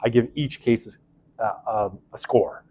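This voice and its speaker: A man's voice: on the low side, steady tone, a little slow, dark tone, breathy edge. A man giving a casual university lecture, chatty, full of fillers and self-deprecating asides.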